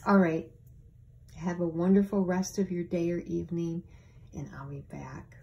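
A middle-aged woman opening gifts from a friend on her home channel, talking in a gentle, gushing, thankful way with soft laughs. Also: fairly low pitch, moderate pace, vocal fry, dull audio. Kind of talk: casual unboxing chat.

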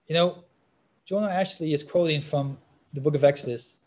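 A man preaching a sermon with a slightly high voice. He halts often on fillers and restarts, then gets louder when he reads scripture aloud. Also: brisk.

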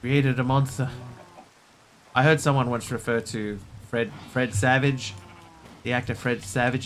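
A man's voice: medium pitch, steady tone, normal speed, a bit bright, slight background noise. A man casually chatting and joking while he streams a building game. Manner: rambling, jokey, mock-pretentious pronunciations. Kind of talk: casual gameplay commentary.

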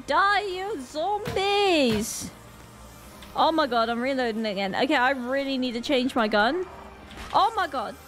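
A Northern Irish woman narrates her gaming session with a high, swooping voice that leaps all over the place, yelping in alarm as things go wrong. She drawls out her words unhurriedly between the outbursts, with faint game music behind her. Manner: excitable, frequent panicked exclamations. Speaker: gaming channel host. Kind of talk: live gameplay commentary.

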